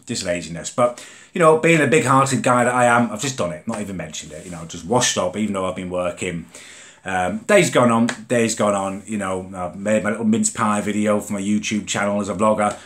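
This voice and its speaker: Exasperated and indignant, a young English vlogger rants about his mother in a comedic vlog. He speaks in a low, fairly bright voice, and there is slight background noise.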